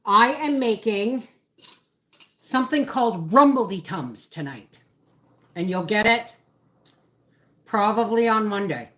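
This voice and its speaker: Cooking in her home kitchen, a homesteading livestream host chats casually in an expressive, fairly bright, medium-pitched voice. She talks slowly with frequent pauses, rambling and interrupting herself partway through thoughts.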